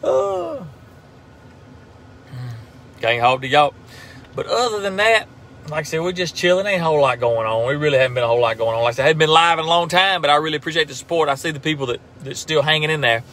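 A man's voice: on the high side, expressive, fast talker, fairly bright tone, a little hiss or hum. Laid-back Southern man on a lunch break. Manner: laid-back drawl with frequent laughs and fillers. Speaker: turkey hunter and call maker, social media host. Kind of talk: casual live-stream chat.

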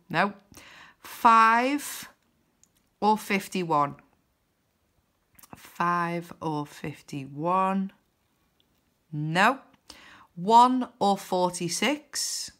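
Slow-talking bright woman. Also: on the low side. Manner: chatty, counts numbers aloud, cheers and groans. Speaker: scratch card vlogger. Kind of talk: casual commentary while scratching cards.

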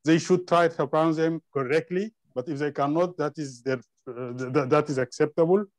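A man's voice: on the high side, fairly quick, no echo, rough recording. A man whose first language is Arabic, hesitating often with fillers and restarts as he gives his view in an online group discussion. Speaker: discussion participant.

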